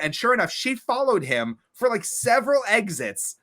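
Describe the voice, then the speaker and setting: Co-hosting a podcast over a remote call, a young man from Long Island, New York, tells stories in a casual, animated style, acting out his friends' lines with big jumps in pitch. He speaks at a moderate pace with few pauses.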